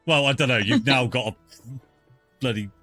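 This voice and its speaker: A man's voice: medium pitch, moderate pace, sharp tone, no room sound. Guy running d&d live, playful, lots of ums and sound effects, bit of music in the back. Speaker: dungeon master. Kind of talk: narrating a live tabletop game.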